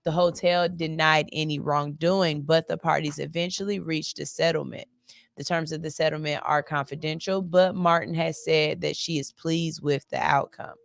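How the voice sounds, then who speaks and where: A woman's voice: low-pitched, steady tone, normal speed, gravelly, no room sound. A woman hosting a morning radio show, reading stories in a loose, chatty way and cursing casually. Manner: chatty, loose, curses casually, yawns between lines. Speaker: radio host. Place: cold studio.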